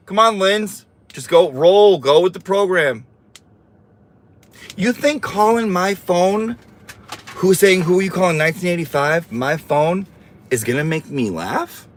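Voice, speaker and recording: A man's voice: high-pitched, unhurried. A man hosting a casual livestream, reading viewer comments aloud and teasing them in a sassy, campy way.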